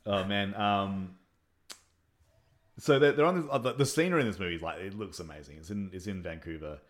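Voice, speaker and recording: Rambling, giggly man with a lowish voice. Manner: rambling, halting, laughs a lot. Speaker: podcast co-host reviewing films. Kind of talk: casual chat.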